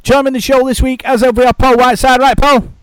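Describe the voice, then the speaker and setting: A man's voice: extremely high pitch, level tone, fast, smooth, no echo. A middle-aged man hosting a podcast in casual chat, rambling and restarting his sentences often. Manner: rambling, frequent restarts and repeated words. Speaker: podcast host.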